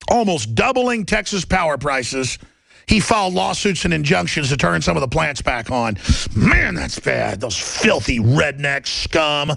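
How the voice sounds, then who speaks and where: A middle-aged male radio host in a sarcastic, mocking rant that keeps breaking into shouts. His gravelly voice sits high and swings widely up and down. The recording is dry and close. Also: no echo. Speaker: radio talk show host. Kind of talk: ranting talk radio monologue.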